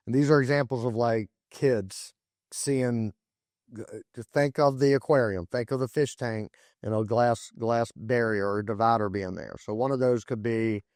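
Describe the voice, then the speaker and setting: A man's voice: medium pitch, darkish tone, no echo, studio quality. A man in his forties hosting a solo podcast, talking emphatically with frequent restarts and repeated words. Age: 40s. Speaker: podcast host.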